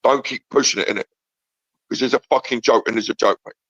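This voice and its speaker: A man's voice: medium pitch, quick pace, fairly bright tone, husky, dry recording, dull audio. A man arguing angrily on a call-in show, hurling insults and repeating himself. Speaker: caller. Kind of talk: heated argument on a call-in show.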